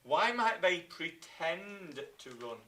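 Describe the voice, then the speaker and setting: A man with an English accent teaching a live online history lesson to children, telling the story with lively acted-out voices. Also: high-pitched, slow. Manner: lively storytelling, acts out scenes in silly voices. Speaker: primary school teacher.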